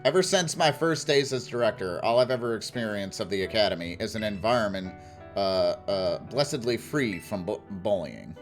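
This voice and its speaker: A stately older school director speaks in formal, old-fashioned phrases, measured and apologetic, as a man puts him on. The voice drops low and deep but still swings widely in tone. Faint music plays underneath. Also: expressive. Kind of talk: reading game dialogue aloud with voices.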